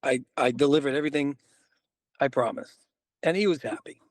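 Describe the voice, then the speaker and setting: A man's voice: medium pitch, fairly quick, no echo, clean studio sound. A man co-hosting a podcast, a realtor telling a story in casual chat and acting out both sides of the conversation.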